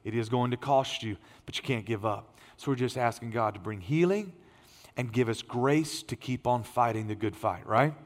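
Strained-voiced man preaching in a reverberant hall. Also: moderate pace. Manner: swings from emphatic raised lines to low quiet asides. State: strained, tired voice. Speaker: pastor. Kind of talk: sermon. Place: church sanctuary. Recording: long reverb of a large hall.

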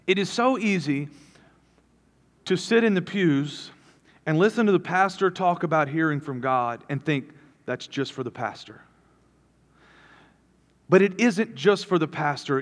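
Earnest man preaching in a reverberant church. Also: a little high. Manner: earnest, rambling with restarts. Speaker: pastor. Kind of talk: sermon. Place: church auditorium. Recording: long hall reverb.

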